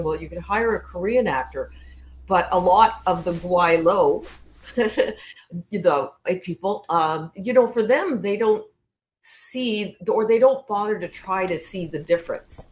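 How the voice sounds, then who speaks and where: Low-voiced woman, halting chat. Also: low-quality recording. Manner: hesitant, full of fillers. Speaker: co-host. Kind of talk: casual interview chat.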